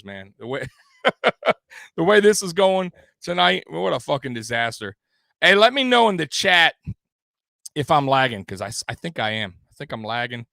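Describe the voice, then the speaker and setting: A man's voice: medium pitch, vocal fry, bright, forceful tone, no room sound. A man hosting a live sports stream, ranting in a heated, profane way and repeating himself as he vents. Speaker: sports livestream host. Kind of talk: angry live postgame rant.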